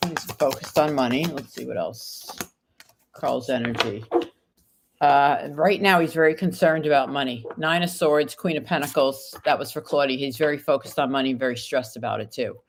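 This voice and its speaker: Still recovering from an illness, a tarot reader goes live and reads her viewers' questions aloud, answering each one card by card. She speaks at a normal speed in a very deep voice, and the background is noisy.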